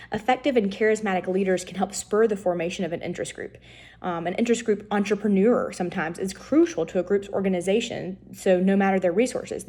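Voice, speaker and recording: A woman's voice: mid-range voice, warm tone. A woman giving a recorded lecture, explaining step by step with frequent ums and self-corrections. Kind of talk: recorded lecture on political science.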